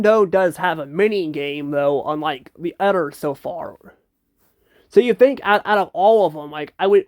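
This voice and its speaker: A young man casually ranking children's learning games, hesitant and unsure, with frequent ums and restarts. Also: a little high. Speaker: creator ranking educational games. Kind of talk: casual commentary.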